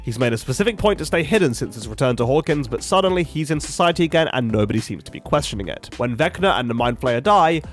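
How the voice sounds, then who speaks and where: A young man reviewing a TV finale in a sarcastic, swearing rant. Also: mid-range voice. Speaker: YouTube reviewer. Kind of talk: ranting TV review commentary.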